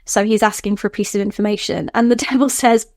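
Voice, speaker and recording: A woman scholar, a podcast guest, explaining in an animated way, laughing often and acting out quotes. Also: mid-range voice, fast, dry recording, studio quality. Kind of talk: podcast interview.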